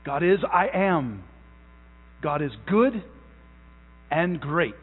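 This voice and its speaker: High-pitched man preaching in an echoing hall. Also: lively intonation, husky. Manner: emphatic, stretches out key words; repeats phrases, halting restarts. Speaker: pastor. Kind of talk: sermon. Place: church sanctuary. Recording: tinny phone-like sound in a long-echo hall.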